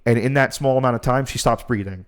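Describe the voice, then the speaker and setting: A man's voice: mid-range voice, fast. A man retelling a story with a lot of swearing. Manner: animated storytelling, swears freely. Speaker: podcast host. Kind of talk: casual chat.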